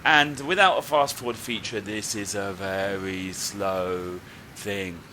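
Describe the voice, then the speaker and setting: A man giving casual gameplay commentary as a video game YouTuber, getting loud and high when annoyed and calm when signing off. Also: takes it slowly, a little hiss or hum. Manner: excitable, raises his voice high when annoyed.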